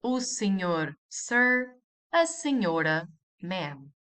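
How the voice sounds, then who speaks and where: A woman's voice: mid-range voice, big pitch swings, takes it slowly, a bit bright. A woman teaching a language lesson, patiently repeating each example and asking the listener to say it after her.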